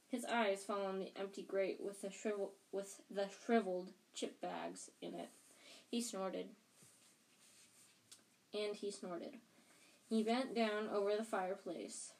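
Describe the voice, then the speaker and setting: A woman's voice: mid-range voice, darkish tone. A woman reading a children's novel aloud for her podcast, in a plain, unpolished style with frequent restarts. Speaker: audiobook reader and podcast host. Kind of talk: casual audiobook reading.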